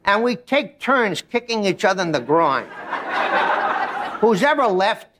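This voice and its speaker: A man voicing a gruff, stubborn country farmer inside a joke he tells. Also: high-pitched, big pitch swings, a little slow, heavy background noise, pitched above the performer's own voice.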